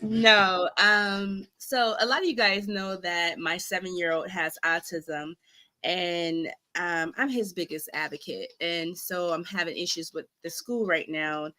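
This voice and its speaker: A woman's voice: on the low side, steady tone, measured pace, pushed and bright. A young adult woman, a podcast guest, talking frankly and animatedly as she vents. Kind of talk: casual chat, venting.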